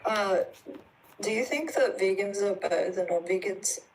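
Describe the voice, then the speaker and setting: A woman calling into a livestream, speaking and reading in a flat, deadpan way. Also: medium pitch, moderate pace, a little hiss or hum, low-quality recording. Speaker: caller. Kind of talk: livestream call.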